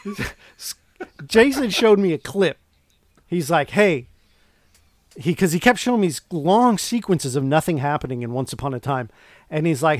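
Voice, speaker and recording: A man co-hosting a podcast, recapping film scenes in an animated, casual way with lots of restarts. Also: fairly high pitch, unhurried, pauses often, no room sound, clean studio sound. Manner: animated, retells scenes with quoted lines and restarts. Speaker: podcast co-host. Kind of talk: casual movie review chat.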